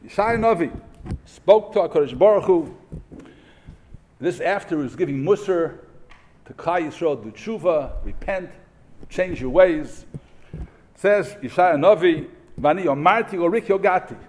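A man's voice: a little high, lively intonation, unhurried, pauses often, a little mellow. A middle-aged man giving a sermon to a yeshiva audience, emphatic, asking rhetorical questions and mixing in Hebrew terms. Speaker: rabbi giving a memorial talk.

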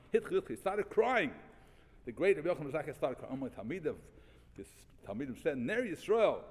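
A man teaching a Talmud class, reading passages and restating them in animated, repeated phrases. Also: mid-range voice, in a large hall. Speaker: Torah teacher.

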